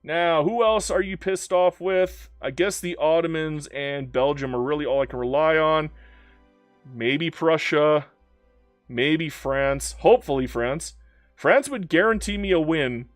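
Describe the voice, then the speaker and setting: A man doing live commentary on a strategy game, playful and excitable, talking to in-game nations and reading chat aloud. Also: on the high side, a little slow, dry recording, clean studio sound, faint music behind. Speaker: game streamer.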